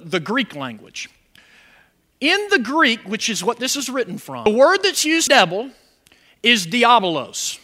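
Speaking at an extremely high pitch, a man delivers a lively sermon as pastor and prompts his congregation with questions for them to answer back.

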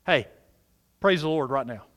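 A man preaching a sermon as pastor, animated, urging the congregation to respond. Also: fairly high pitch, moderate pace.

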